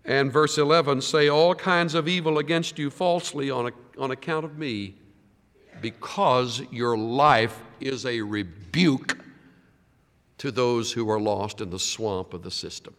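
A man preaching a sermon, swinging from loud, emphatic lines to hushed, quiet ones. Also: mid-range voice, measured pace, long reverb tail. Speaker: pastor.

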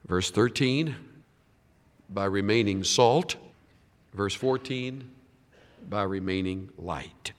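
A man preaching a sermon, swinging from loud, emphatic lines to hushed, quiet ones. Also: on the low side, slow pace, long pauses, big-room sound. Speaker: pastor.

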